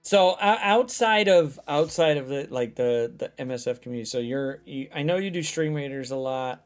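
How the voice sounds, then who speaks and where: A man hosting a casual stream chat, loud and animated, swearing often as he tells stories. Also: medium pitch, normal speed, clear, resonant tone, faint music behind. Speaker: stream host.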